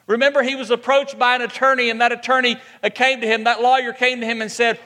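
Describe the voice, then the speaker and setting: A man's voice: very high voice, flat delivery, fast talker, hardly any pauses, bright, forceful tone, long reverb tail. A man preaching a sermon as pastor, asking rhetorical questions and repeating points for emphasis.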